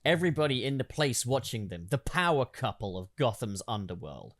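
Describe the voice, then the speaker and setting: Animated male host, comedic script reader, crude and jokey. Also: mid-range voice, fairly quick. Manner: joking, swears, laughs a lot.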